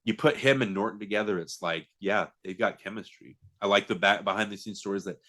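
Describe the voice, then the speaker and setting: A podcast co-host with a fairly low, fairly bright voice talks fairly quickly about a film. The casual movie chat is full of fillers, restarts, and laughter.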